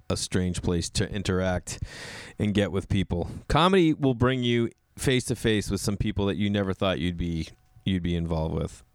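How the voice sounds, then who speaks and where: Guy comic telling stories, really lively pitch, dry close sound. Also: dry recording. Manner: animated, acts out people in raised voices. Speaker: comedian. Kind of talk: casual storytelling.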